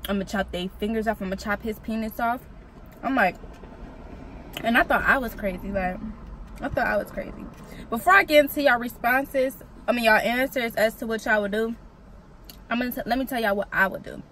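A woman's voice: a little high, a little fast, long pauses, a little hiss or hum, rough recording. A young woman vlogging a casual mukbang, talking bluntly and profanely while she eats. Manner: blunt, profane, animated storytelling while eating. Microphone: vlog camera.

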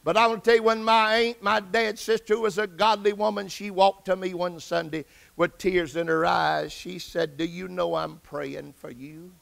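Gravelly, bright-voiced preacher man. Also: high-pitched, normal speed, hardly any pauses. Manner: personal testimony, rising to excited outbursts. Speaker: pastor. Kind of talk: sermon.

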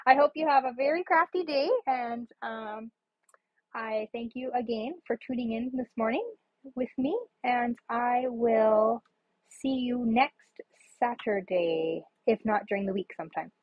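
A woman's voice: a little high, measured pace, dry recording, muffled recording. A woman casually showing her handmade paper cards on a live stream, chatty and rambling with many ums. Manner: chatty, rambling, frequent ums, laughs at herself. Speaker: papercraft demonstrator. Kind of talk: casual live craft demo.

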